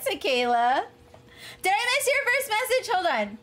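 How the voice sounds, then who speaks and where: A woman's voice: very high-pitched, big pitch swings, a little slow, fairly bright tone. A woman streamer chatting casually with her live chat, laughing often and talking to viewers by name. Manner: giggly, frequent laughter, chatty asides to chat.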